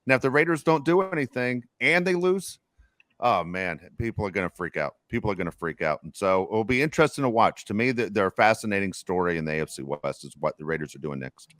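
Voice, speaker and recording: A man's voice: on the low side, lively intonation, fast talker, a bit bright, dry recording, clean studio sound. A man co-hosting a sports podcast, talking football in an emphatic, opinionated, rambling way. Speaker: podcast co-host. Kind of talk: casual sports talk.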